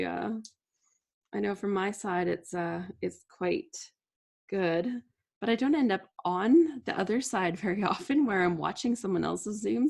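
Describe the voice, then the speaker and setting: Chatty woman with a gravelly edge. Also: medium pitch. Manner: chatty, laughs often, reads out viewer comments. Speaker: livestream host. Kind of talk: casual chat while crafting.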